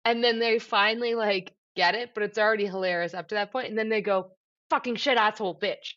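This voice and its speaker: A woman co-hosting a podcast in casual chat, animated and laughing often, swearing freely. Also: medium pitch, fast talker, lo-fi sound. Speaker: podcast co-host.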